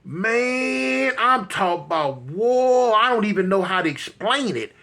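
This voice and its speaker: A bright, ringing male voice telling a funny story from his own life. He is in his fifties, talks to the audience like old friends, and bursts into sound effects and exclamations as he acts out each moment. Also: high voice, animated, measured pace. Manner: addresses listeners directly, colloquial. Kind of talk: comic personal storytelling.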